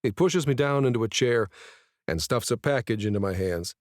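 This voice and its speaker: A male narrator reading a first-person romance audiobook in a measured, even way. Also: medium pitch, no room sound, clean studio sound.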